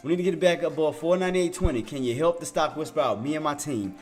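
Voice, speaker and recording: A man voicing a hushed mystic "stock whisper" in a whispered role-play, chanting softly. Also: on the high side, lively intonation, fast, faint music behind, pitched below the performer's own voice, close to an everyday voice. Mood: coaxing.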